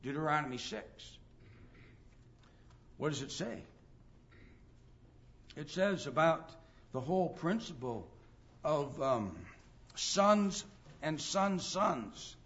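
Man, sermon, emphatic preacher, fairly high voice, muffled lo-fi recording. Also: expressive, slow, long pauses, fairly bright tone. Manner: emphatic preaching, reads scripture aloud, acts out quoted dialogue.

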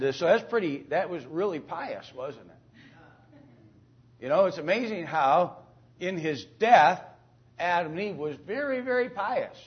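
A man teaching an informal Bible lesson to a class, speaking haltingly with many fillers, restarts and throat-clearing, and often asking the class questions. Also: a little high. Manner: asks the class questions and calls on students. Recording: dull lo-fi recording.

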